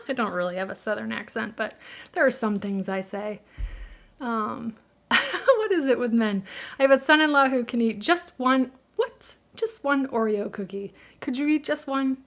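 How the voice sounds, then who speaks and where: A woman's voice: a little high, lively intonation, moderate pace, creaky, fairly bright tone. A middle-aged woman with a Midwestern American accent hosts a live craft tutorial, chatting in a friendly way, laughing easily and answering viewers' questions.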